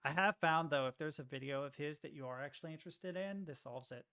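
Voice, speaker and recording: A man's voice: a little high, fast, clean tone. A man streaming, chatting casually and reacting to videos, rambling and swearing as he goes. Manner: profane, rambling, animated.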